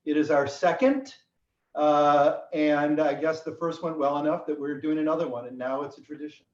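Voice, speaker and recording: A man hosting a virtual roundtable, his voice a little higher than most men's, halting with many fillers and slipping in dry jokes. He sits back from the mic in an echoey room, and the sound comes through a bit dull. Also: steady tone, a little mellow, distant mic. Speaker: host. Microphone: video call.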